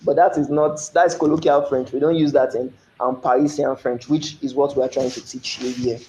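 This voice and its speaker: A young man, teaching an online French lesson. He repeats phrases slowly and checks whether learners are following. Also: mid-range voice, steady tone, mellow, slight background noise. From Nigeria. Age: 20s. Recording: echoey room.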